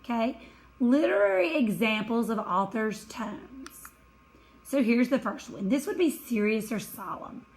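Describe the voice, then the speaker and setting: A woman teacher giving a recorded lesson over slides, explaining slowly and carefully, now and then correcting herself. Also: fairly high pitch, expressive, poor audio. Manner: slow, careful explaining with small self-corrections.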